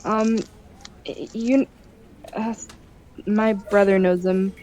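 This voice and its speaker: A woman's voice: medium pitch, fairly even intonation, slow pace, mellow. A woman playing a tabletop game, speaking hesitantly with stumbling starts. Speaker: player.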